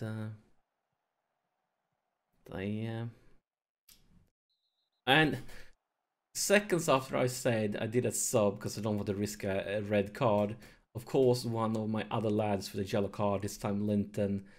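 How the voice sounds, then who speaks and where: A man hosting a let's play, commentating his football management game, nervous and excited, keeping his voice down at home late in the evening. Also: fairly low pitch. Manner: excitable, nervous, talks to viewers; deliberately holds his voice down to avoid waking neighbors.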